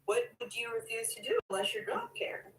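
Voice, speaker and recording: A woman's voice: fairly high pitch, steady tone, brisk, a crowd in the background, poor audio. A woman in casual livestream chat, teasing her co-host and giving blunt relationship advice.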